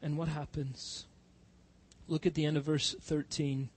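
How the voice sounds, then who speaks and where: A man preaching a sermon as pastor, swinging from loud impassioned cries to soft, hushed pleading. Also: a little high, little pitch movement, measured pace, slightly rough.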